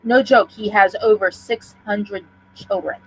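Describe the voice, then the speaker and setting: A woman's voice: medium pitch, fairly even intonation, measured pace, husky, rough recording. A woman joking dryly in casual chat on a stream.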